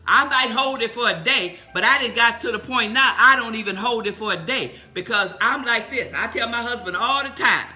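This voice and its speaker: A woman's voice: fairly high pitch, moderate pace, hardly any pauses, bright, forceful tone, soft background music. A woman in her fifties chatting live on Facebook from home into a phone, blunt, profane, emotional and rambling. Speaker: livestream host.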